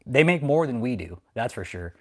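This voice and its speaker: A man's voice: medium pitch, sing-song, moderate pace, darkish tone. A man hosting a livestream, ranting at his critics and reading chat in a profane, mocking, confrontational way. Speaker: livestream host. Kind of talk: casual livestream rant.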